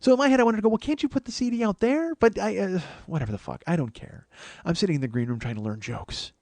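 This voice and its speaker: Fast-talking, exasperated man telling a comic story. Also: high-pitched, gravelly, no room sound. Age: 40s. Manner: profane, exasperated, animated retelling. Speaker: comedian and podcast host. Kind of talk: comedic storytelling monologue.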